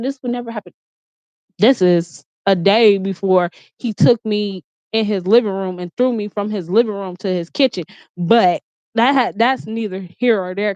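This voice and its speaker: A bedroom vlogger with a medium-pitched, slightly mellow voice recounts a personal story directly to camera. She swears liberally, speaks bluntly and casually, and repeatedly restarts her sentences with plenty of "like." Sound-wise, it's dry, echo-free, and a bit dull and lo-fi.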